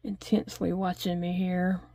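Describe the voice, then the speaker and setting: A woman's voice: on the low side, flat delivery, moderate pace, vocal fry, warm tone, no room sound. A middle-aged woman chatting casually at home while she crochets, rambling along and talking to her pets. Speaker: crochet vlogger. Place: home desk.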